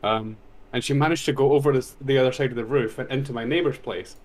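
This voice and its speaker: A man in a relaxed conversation who rambles through a story with restarts and casual swearing. He laughs easily at his own anecdotes, his voice sitting at an ordinary middle pitch. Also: fast talker. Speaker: podcast host. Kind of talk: casual chat.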